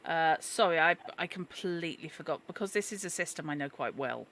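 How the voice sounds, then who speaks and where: A woman running a tabletop horror game as game master, chatty and quick to correct herself and apologise. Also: low-pitched, animated, fairly bright tone.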